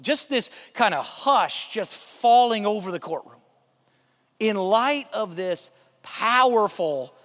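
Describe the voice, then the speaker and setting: High-voiced male pastor preaching in a reverberant hall. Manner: conversational and animated, with many fillers. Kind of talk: sermon.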